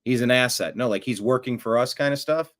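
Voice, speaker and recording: Opinionated man hosting a talk show. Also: mid-range voice. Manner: rambling and opinionated, quick swings from mutter to outburst. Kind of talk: casual political commentary.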